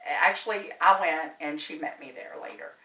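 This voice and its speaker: Chatty lady spinning a yarn, bright lively voice, kinda far from the mic in an echoey room. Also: deep voice, moderate pace. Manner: animated, chatty, laughs often. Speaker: medium and tarot reader, guest. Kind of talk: storytelling in casual chat. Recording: roomy, distant mic, faint noise.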